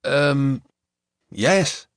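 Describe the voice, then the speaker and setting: A man's voice: mid-range voice, expressive, dry recording, studio quality. A male narrator voicing a flustered middle-aged man who hesitates and fumbles for words. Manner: hesitant, fumbling, halting with ums. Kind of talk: audiobook character voice.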